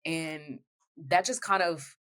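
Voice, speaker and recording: A woman from the United States who is a guest on a podcast, speaking in a low voice. She tells her personal story in an earnest, heartfelt and candid way. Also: slow, fairly bright tone.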